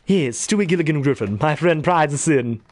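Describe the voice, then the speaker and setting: A pompous, haughty cartoon baby boy, as a man puts him on. He speaks prim and stuck-up, his pitch swinging lively across lines. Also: brisk, no room sound, close to an everyday voice.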